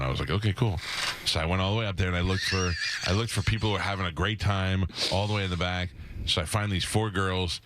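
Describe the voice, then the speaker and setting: Radio host guy, talks fast and a bit low, does voices for people in his stories. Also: fairly even intonation, noisy background. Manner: fast-talking storyteller, acts out quoted voices. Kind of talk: casual radio studio chat.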